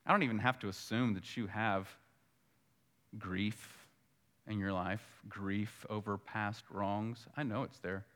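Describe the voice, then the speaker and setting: A man preaching a sermon in a bright, forceful voice. He is earnest and repeats his key phrases, and his voice swells louder whenever he drives home a point. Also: fairly low pitch, steady tone, measured pace. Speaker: pastor.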